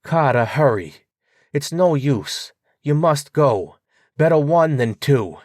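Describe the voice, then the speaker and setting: A man's voice: a little high, animated, slow pace, darkish tone, dry recording, studio quality, pitched above the performer's own voice. A man doing a terrified young man pleading from below. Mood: urgent resigned. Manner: frantic, pleading, then resigned.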